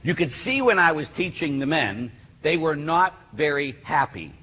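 A man's voice: a little high, lively intonation, normal speed, sharp tone, slightly rough. A man preaching a sermon with emphatic, insistent delivery to a live audience. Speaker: Catholic speaker. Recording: reverberant hall, faint noise.

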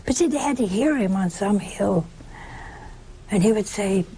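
A woman preaching an informal sermon in a conversational way, asking rhetorical questions and suddenly leaping up in pitch for emphasis. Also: animated, moderate pace, warm tone, a little hiss or hum.

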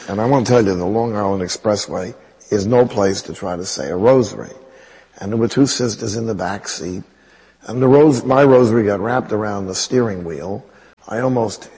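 A priest with a raspy voice, telling a personal story in a sermon in a wry, conversational way. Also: male voice, lowish voice, darkish tone, big-room sound, rough recording.

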